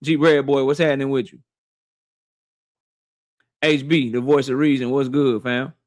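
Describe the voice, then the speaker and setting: A man's voice: mid-range voice, flat delivery, moderate pace, darkish tone, dry recording, clean studio sound. A man hosting a boxing livestream, casually greeting chat members one by one in a slangy, playful way.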